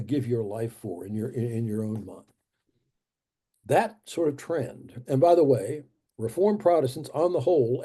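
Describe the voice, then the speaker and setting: A man giving a history lecture as a guest speaker in a church, deliberate and halting, repeating key phrases for emphasis. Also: mid-range voice, mellow, breathy edge.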